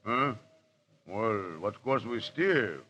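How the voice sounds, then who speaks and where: An actor playing a loyal, eager pirate first mate in a 1930s radio drama. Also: male voice, lowish voice, expressive, extremely slow, bright, forceful tone, exaggerated voice. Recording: dull lo-fi 1930s radio broadcast.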